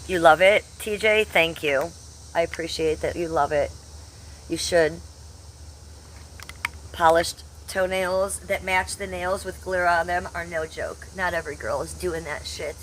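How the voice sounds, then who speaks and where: A woman in her fifties talks to her live-stream chat in a brash, salty way, answering viewers by name. Her voice sits a touch low. A faint hum of noise runs under it. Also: steady tone, a little slow, fairly bright tone. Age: 50s. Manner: brash, chatty, reads out chat. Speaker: livestreamer.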